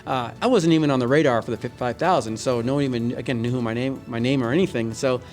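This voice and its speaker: A man's voice: mid-range voice, a little mellow, faint music behind. Earnest middle-aged man telling his story. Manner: earnest, halting with many restarts. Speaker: guest, Olympic speed skater. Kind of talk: conversational interview storytelling. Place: large indoor skating arena.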